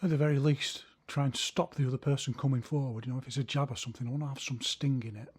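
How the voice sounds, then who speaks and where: A man's voice: medium pitch, fairly even intonation, quick pace, a little mellow, slightly rough. A man teaching a martial arts lesson, explaining technique and counting punches aloud as he demonstrates.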